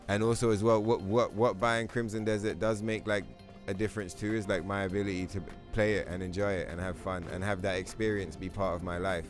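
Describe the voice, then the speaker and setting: A man's voice: on the low side, little pitch movement, fairly quick. A young man hosting a gaming livestream, chatting casually in a loose, rambling, profane way full of fillers. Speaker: livestream host. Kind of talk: casual gaming stream chat. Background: game music.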